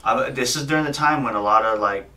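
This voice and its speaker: A man's voice: medium pitch, fast talker. A man in his thirties, a podcast guest who is an MMA fighter and coach, telling a story casually and with lots of swearing. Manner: profane, animated anecdote teller. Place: podcast studio. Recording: voice a bit far from the mic.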